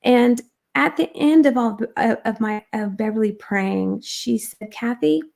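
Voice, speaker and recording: A woman's voice: fairly high pitch, a little slow, vocal fry, darkish tone. A woman guest earnestly telling a personal testimony in conversation, with frequent ums and restarts. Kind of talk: personal storytelling.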